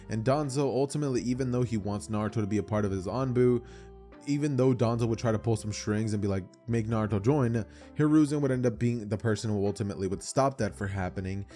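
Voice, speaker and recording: A man's voice: lowish voice, mellow. A young man casually telling an anime what-if story, rambling in slang and correcting himself as he goes.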